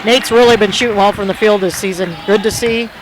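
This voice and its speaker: A woman's voice: mid-range voice, fairly quick, crowd noise, noisy background. Chatty Midwestern woman commentating. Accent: Midwestern American. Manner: chatty, relaxed, adds side remarks. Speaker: color commentator. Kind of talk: casual sports chat.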